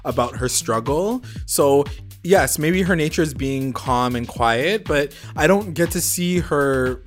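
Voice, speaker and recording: A man's voice: fairly high pitch, lively intonation, unhurried, soft background music. A man co-hosting a casual TV recap podcast, loose and chatty with many fillers and some swearing. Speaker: podcast co-host.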